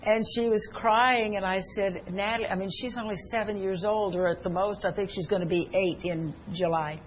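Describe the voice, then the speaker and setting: A woman's voice: medium pitch, fairly even intonation, normal speed. An older woman delivers a sermon in an earnest, personal way. She weaves scripture together with stories from her own family. A faint noise sits behind her voice. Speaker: preacher.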